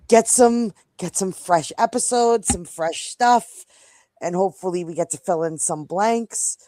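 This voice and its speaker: A woman's voice: lowish voice, darkish tone, dry recording. A woman hosting a casual live theory chat, eager and repeating herself as she gathers her thoughts. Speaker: podcast host.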